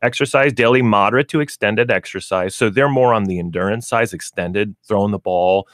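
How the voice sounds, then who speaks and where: A pet store radio show host talks casually about pet training in a folksy way, explaining things by acting out what dogs and their owners might say. His voice is on the low side, fairly quick and a bit bright, recorded with studio quality and no room sound.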